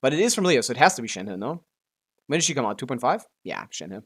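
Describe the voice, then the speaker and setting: Man, game streamer, mid-pitched voice, muttering casual commentary, self-correcting, occasional swearing. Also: very animated, quick pace, fairly bright tone, breathy edge. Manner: mumbling, self-correcting, laughing to himself, swears.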